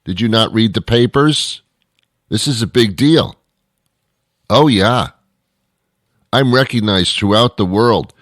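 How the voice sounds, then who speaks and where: A man's voice: lowish voice, slow, pauses often, fairly bright tone, dry recording, studio quality. A male radio show host delivering a comedic, rambling monologue with sarcastic, mock-boastful asides.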